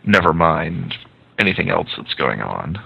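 A man's voice: low voice, sing-song, a little slow, creaky, husky, dry recording, narrow, tinny audio. A man co-hosting a casual podcast discussion of a story, talking thoughtfully with wry asides. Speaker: podcast co-host, fan fiction author.

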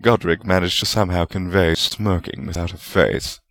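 A man narrating a fan fiction story in an expressive storytelling manner. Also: low voice, normal speed, no room sound. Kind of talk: audiobook fan fiction reading.

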